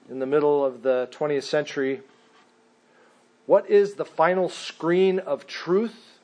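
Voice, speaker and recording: A man preaching a sermon, reading scripture slowly and deliberately and acting out questions in a raised voice. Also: on the high side. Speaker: pastor.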